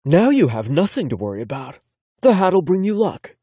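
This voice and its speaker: A man voicing a gentle, affectionate boyfriend who speaks softly and reassuringly in an audiobook. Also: high-pitched, big pitch swings, normal speed, slightly rough, dry recording, pitched above the performer's own voice, heavily acted. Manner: soft, warm, reassuring.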